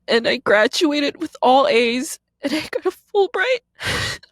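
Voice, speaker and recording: A woman's voice: sits high, lively intonation, takes it slowly, dry recording. A woman in her thirties, a podcast host and comedian, giving a raw confessional monologue in a blunt, profane way.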